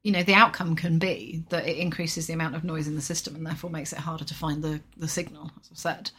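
A woman co-hosting a podcast, speaking in a measured, analytical, dry way. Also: low voice, fairly even intonation, fairly bright tone, slight background noise. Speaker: podcast co-host. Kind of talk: casual podcast discussion.

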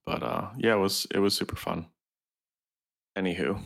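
A man with a very low, gravelly voice, co-hosting a gaming podcast. He speaks softly and hesitantly, letting his sentences trail away. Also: fairly even intonation, moderate pace. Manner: soft-spoken, trailing off, hesitant. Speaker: podcast co-host. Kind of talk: casual chat.

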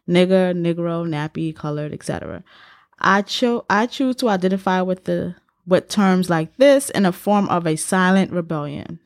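A woman's voice: lowish voice, no echo. Brash New York woman podcast co-host in her forties, dry close-miked casual chat. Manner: brash, laughing, profane.

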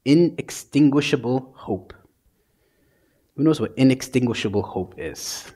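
A man, a priest, preaching a sermon in a conversational yet dramatic way, often dropping to a soft hush. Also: mid-range voice, animated, a little slow, husky.

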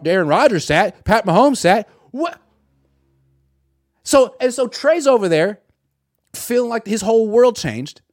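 A man giving solo sports reaction commentary, sarcastic and animated, acting out imagined quotes from the people he talks about. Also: very high voice, dry recording, clean studio sound.

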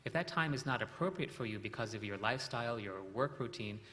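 A man teaching a meditation lesson, calmly explaining and telling stories, asking his listeners questions now and then. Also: medium pitch, fast talker, few pauses. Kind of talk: spiritual lesson recap with storytelling. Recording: reverberant hall with faint ambient noise.

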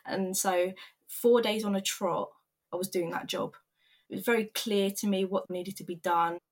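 A woman's voice: medium pitch, fairly even intonation, moderate pace. Candid young woman telling her story. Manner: candid, earnest, emotional retelling with quoted voices. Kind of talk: personal storytelling vlog.

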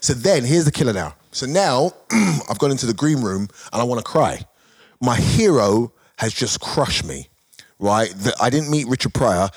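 A man, a comedian telling animated stories on a podcast panel. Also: fairly low pitch, husky. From Britain. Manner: animated anecdote-telling with quoted voices. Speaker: guest comedian. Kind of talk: casual storytelling on a podcast panel. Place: studio.

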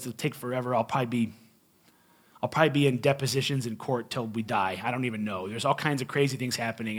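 A male pastor preaching in a conversational storytelling style, animated and joking, with emphatic swings between loud and quiet. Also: mid-range voice. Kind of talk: storytelling sermon.

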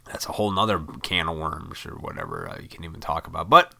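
A man's voice: a bass voice, huge pitch swings, fast, gravelly, sharp tone. A man casually telling a rambling personal story with lots of swearing, and often laughing at himself. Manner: rambling, profane, laughs at his own story.

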